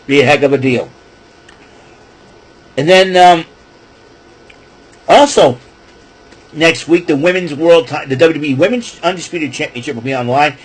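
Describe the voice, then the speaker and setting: A man casually rambling through a wrestling show recap, excitable and correcting himself as he goes. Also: on the high side, measured pace, long pauses, husky, low-quality recording. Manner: excitable, self-correcting, chatty asides.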